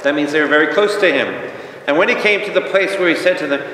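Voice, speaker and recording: Animated priest echoing from far off. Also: male voice, on the high side, quick pace, slight background noise. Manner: animated, asks the audience questions, acts out quotes. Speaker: priest teaching Bible study. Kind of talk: lively Bible study teaching. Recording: echoey hall from far off.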